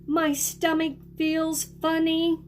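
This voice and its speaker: A woman voicing an anxious crocodile in a read-aloud picture book, drawn-out and dramatic. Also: extremely high pitch, level tone, faint music behind, voice pushed up. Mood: dramatic worry.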